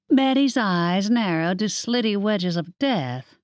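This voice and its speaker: A woman narrating an audiobook in an expressive storytelling manner, close to the mic. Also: mid-range voice, unhurried, few pauses, no echo, highs cut off. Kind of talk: scripted narration.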